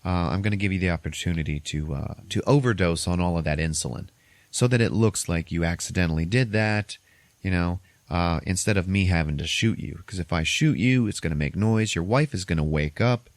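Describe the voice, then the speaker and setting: A man's voice: low-pitched, fairly quick, dry recording. A man voicing a laid-back cruel thug. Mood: menacing. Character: menacing male thug, casual and cruel.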